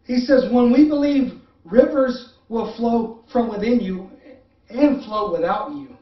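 A male pastor preaching a sermon for an online service, moving between emphatic repeated appeals and soft, halting personal asides. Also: very high voice. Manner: drops to soft, hesitant confessional tone with many fillers. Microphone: online service stream. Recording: roomy, distant, muffled sound.

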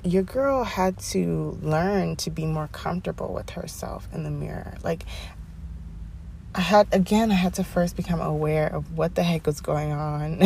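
A young woman hosting her own podcast, talking casually and animatedly, with sassy asides and drawn-out emphasis. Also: sits low, vocal fry, darkish tone, a little hiss or hum. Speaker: podcast host. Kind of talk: casual solo podcast monologue. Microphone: headphones, home podcast mic.

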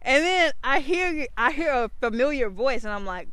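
A young woman hosting a podcast, telling stories in casual chat, animated, swearing freely and acting out what people said. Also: fairly high pitch, a little fast, hardly any pauses, dry recording. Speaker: podcast host.

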